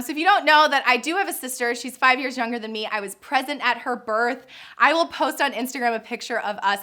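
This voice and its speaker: A woman's voice: high voice, bright, forceful tone. A woman in her thirties, a birth coach and nurse, chatting through viewer questions in a casual vlog, gushing and laughing often.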